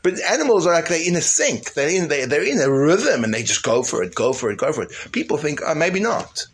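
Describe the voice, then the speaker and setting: A man leading an informal Torah class, animated and emphatic, dropping to a hushed tone at times, with many fillers and restarts. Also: a little high, fast talker, husky. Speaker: teacher.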